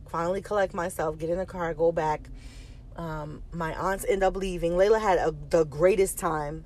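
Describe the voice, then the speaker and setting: A woman, a mother, telling a personal story in a candid, rambling way, repeating herself and swearing casually. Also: lowish voice.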